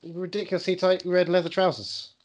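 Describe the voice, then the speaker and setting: A man's voice: sits high, little pitch movement, fairly quick, slight background noise. A man co-hosting a casual TV recap chat, full of sarcastic jokes and teasing asides. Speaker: podcast co-host.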